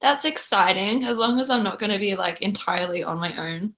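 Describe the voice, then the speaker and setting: A woman's voice: medium pitch, a little fast, pushed and bright. A young Australian woman with an Australian accent, chatting casually to viewers as a livestream host from home. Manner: chatty, reads and answers chat. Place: home room.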